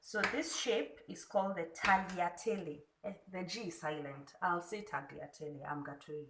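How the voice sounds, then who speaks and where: A woman from Kenya with a Kenyan accent, a food blogger calmly walking through a cooking tutorial step by step in her home kitchen. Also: fairly low pitch, reverberant, background noise. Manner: unhurried, demonstrating step by step.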